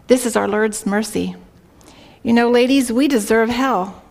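Her voice is a little high, gravelly, and slightly mellow, at a normal speed. The woman earnestly addresses a women's group with a devotional talk built on a story and scripture reading, often questioning her audience, via a worn microphone.

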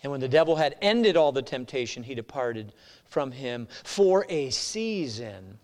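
A man pastor preaching a sermon, emphatic and swinging between loud declarations and hushed asides. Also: mid-range voice, very animated, measured pace, big-room sound.

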